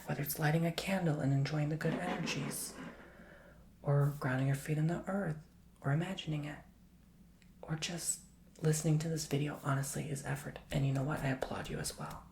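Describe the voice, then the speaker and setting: A man giving a soft-spoken ASMR tarot reading, gently encouraging the listener and slipping often into a whisper. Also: a little high, fairly even intonation, a little fast, gravelly, slight background noise. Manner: affectionate, emotional cheering on the listener. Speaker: tarot reader and ASMR host.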